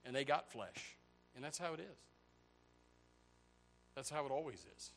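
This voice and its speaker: A pastor preaching a sermon, swinging from loud, high outbursts to low, quiet stretches. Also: male voice, a little slow, gravelly, a little hiss or hum. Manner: animated preaching, voice rising to near shouts and dropping low.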